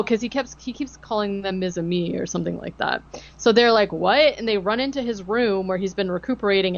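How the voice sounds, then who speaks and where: A woman's voice: mid-range voice, muffled recording. Rambling sarcastic woman recapping a movie. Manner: rambling, sarcastic, lots of fillers. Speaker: podcast co-host. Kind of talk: casual movie recap chat.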